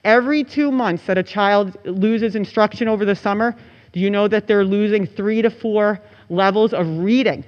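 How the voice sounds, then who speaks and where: High-pitched man making an impassioned plea, reverberant and muffled recording. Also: normal speed. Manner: impassioned, begging. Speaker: parent giving public comment. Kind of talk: public comment at a board meeting. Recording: dull audio with long hall reverb.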